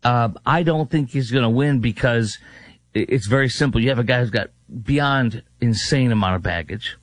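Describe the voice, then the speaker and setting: A man fills in as host of a political talk radio show, mocking and sarcastic as he stacks up rhetorical questions. His voice sits at a middling pitch. The studio sound is dry and close. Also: moderate pace, no echo.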